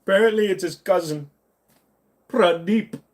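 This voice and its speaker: A man doing a wheedling phone scammer, pitched well above a normal speaking voice and pushed forward with extra volume. He sounds overly polite and singsong, all fake friendliness as he coaxes. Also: measured pace, a little hiss or hum. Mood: mock-innocent.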